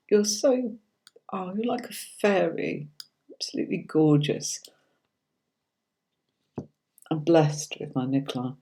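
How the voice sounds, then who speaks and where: Warm, low, and very animated, this middle-aged woman speaks a little slowly as she hosts a livestream of casual tarot readings. She chats to viewers, reading their comments aloud and responding by name, often calling them darling or sweetie.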